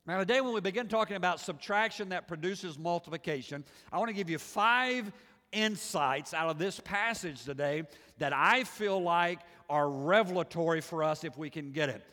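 A man's voice: fairly high pitch, lively intonation, moderate pace, bright, forceful tone. A male pastor delivering a sermon in a large church, drawing the congregation in with questions. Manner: preaching with call-and-response questions to the congregation. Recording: long hall reverb from church.

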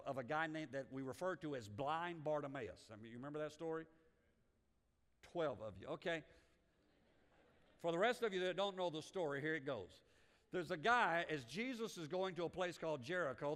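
A man's voice: a little high, a bit bright, long reverb tail. A male pastor preaching a sermon, often restarting phrases and acting out quoted voices.

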